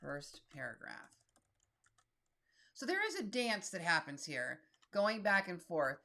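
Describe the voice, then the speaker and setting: A woman in her fifties talks viewers through a tutorial in a casual, blunt voice. Her voice sits a little low, and she reads text aloud as she types it. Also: wildly swooping pitch, takes it slowly, pauses often, sharp tone. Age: 50s. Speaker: solo creator and YouTube host. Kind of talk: casual screen-share tutorial.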